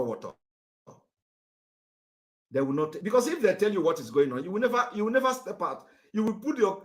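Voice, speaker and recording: Nigerian male activist, impassioned address, very animated delivery. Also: fairly high pitch. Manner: fiery, repetitive, rises to shouting. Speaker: political activist.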